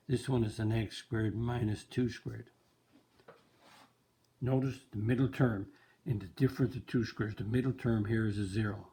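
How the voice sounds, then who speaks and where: A man teaching a math lesson, explaining slowly and repeating key terms for emphasis. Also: medium pitch, mellow. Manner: slow, repetitive, emphasizing terms.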